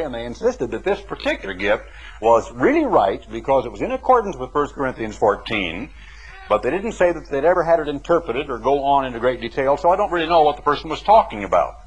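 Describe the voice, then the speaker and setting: A man preaching a sermon in an emphatic, folksy way, with asides to his listeners. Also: mid-range voice. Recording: dull lo-fi 1980s broadcast recording.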